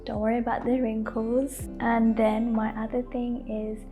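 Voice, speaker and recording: A young woman giving gentle, casual lifestyle advice to camera, laughing often and saying "like" a lot. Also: fairly high pitch, level tone, normal speed. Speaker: lifestyle vlogger. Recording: faint background music.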